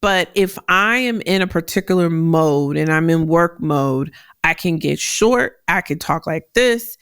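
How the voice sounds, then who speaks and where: A woman hosting a career advice podcast, talking directly with a deep voice that carries, animated and quick to laugh. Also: clear, resonant tone, no room sound, clean studio sound. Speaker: podcast host.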